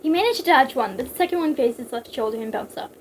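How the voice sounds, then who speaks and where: A woman's voice: high voice, animated, quick pace, slight background noise, low-quality recording. A young woman casually reading a story aloud, breaking off for giggly jokes. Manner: giggly, joking digressions. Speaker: reader.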